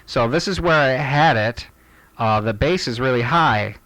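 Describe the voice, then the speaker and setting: A man giving a casual home-recording tutorial in a relaxed, chatty way with friendly asides, speaking into a studio microphone. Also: medium pitch, unhurried.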